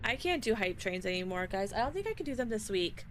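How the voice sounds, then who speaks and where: A woman's voice: mid-range voice, very animated, quick pace, slight background noise, rough recording. A woman streamer chatting casually to her live-stream audience, flustered and panicky. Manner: flustered, panicky, talks to chat. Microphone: desk microphone.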